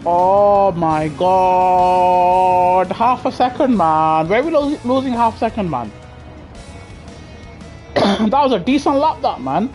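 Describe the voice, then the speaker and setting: This young British man has an extremely high voice with big pitch swings, speaking at a moderate pace and pausing often. He commentates live on a racing game through a gaming headset, bantering with chat in slang and laughing frequently. Faint music plays behind him.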